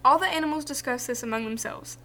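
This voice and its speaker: A woman reading a children's folktale aloud, in a clear and expressive storytelling voice. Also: sits high, fast talker.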